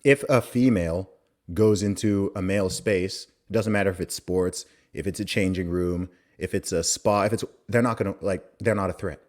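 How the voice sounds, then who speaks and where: A man's voice: deep voice, moderate pace, darkish tone. A man hosting a podcast conversation, talking emphatically and repeating his points. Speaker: podcast host. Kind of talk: casual conversation.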